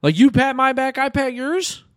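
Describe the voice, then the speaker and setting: A man's voice: very high-pitched, moderate pace, a bit bright, no echo, studio quality. A man in his mid-twenties from the United States, co-hosting a podcast in casual, profane chat, rambling and repeating words as he thinks aloud. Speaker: podcast co-host.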